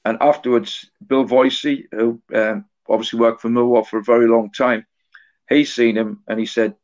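A man in his forties, an author talking as a guest in an interview, telling a story in a halting way that often repeats words and restarts. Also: mid-range voice, little pitch movement, a little mellow. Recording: dull lo-fi recording.

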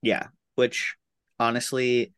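A woman from the Pacific Northwest co-hosting a podcast in casual chat, animated and laughing often. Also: very deep voice, takes it slowly, clean tone, no room sound, clean studio sound. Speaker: podcast co-host.

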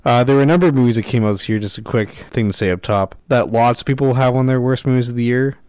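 A man co-hosting a movie podcast, giving wry, deadpan complaints in casual chat. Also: mid-range voice, fast talker, clean tone, no echo. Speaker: podcast co-host.

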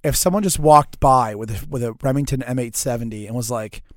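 A man from near New Orleans co-hosting a podcast in casual chat, his mid-pitched voice dry and close to the mic. He swears freely and delivers his jokes deadpan. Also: brisk, no echo. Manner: profane, deadpan humor. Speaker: podcast co-host.

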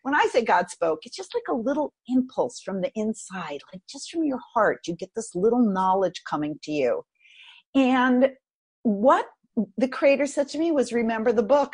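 A woman guest on a podcast, telling a personal story in an animated, expressive way. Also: on the high side, normal speed, breathy edge.

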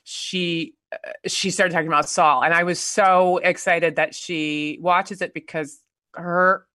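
A woman in her forties, an actor guest in a casual conversation, telling stories animatedly with halting restarts and frequent laughs. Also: on the low side, fairly even intonation, a bit bright, dry recording, studio quality. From United States.

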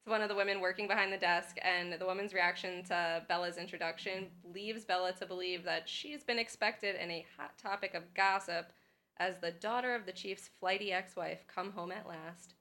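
A woman's voice: on the low side, fairly even intonation, moderate pace, sharp tone. A woman co-hosting a casual podcast, recapping a book chapter and laughing often. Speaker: podcast co-host. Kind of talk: casual chat with summary reading.

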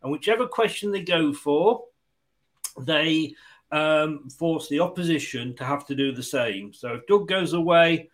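A man's voice: on the high side, measured pace. A man hosting a casual online quiz, joking and laughing as he explains the rules and reads comments. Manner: jokey, chatty, laughs often. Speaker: quiz host.

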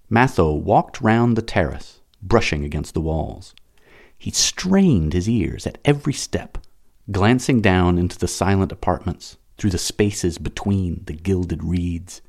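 A man reading a novel aloud as an audiobook narrator, dramatic and expressive. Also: deep voice, a little slow, gravelly.

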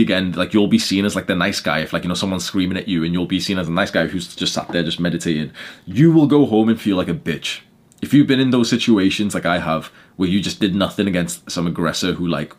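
Low-voiced blunt young man. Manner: blunt, swearing, many fillers, gets loud. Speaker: podcast host. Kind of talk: casual motivational talk.

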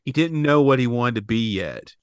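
A man's voice: medium pitch, animated, moderate pace, smooth, dry recording, studio quality. A man co-hosting a podcast in casual chat, joking and teasing the others. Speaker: podcast co-host.

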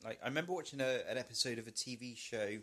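A man's voice: medium pitch, fast talker, a bit bright. A man co-hosting a podcast, chatting casually and joking, often slipping into silly voices. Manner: jokey, slips into silly put-on voices. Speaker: podcast co-host. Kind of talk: casual comedic chat.

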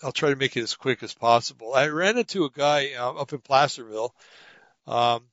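A man's voice: mid-range voice, fairly quick, a bit bright, no room sound. A man co-hosting a talk show, chatting casually about politics and rambling through stories with many fillers and restarts. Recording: dull lo-fi audio.

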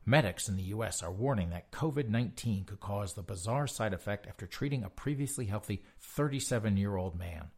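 A man's voice: on the low side, creaky, slightly rough. A man reading news articles aloud and mocking them with sarcastic asides. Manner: mocking asides between read-out passages.

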